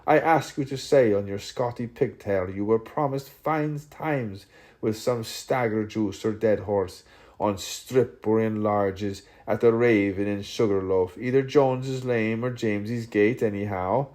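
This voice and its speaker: A man with a fairly low voice reads a dense literary text aloud for an audiobook. He takes his time, an unhurried, deliberate delivery, and he plays the quoted speakers theatrically, jumping up in pitch and volume for one and dropping low for another. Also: darkish tone. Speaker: audiobook reader.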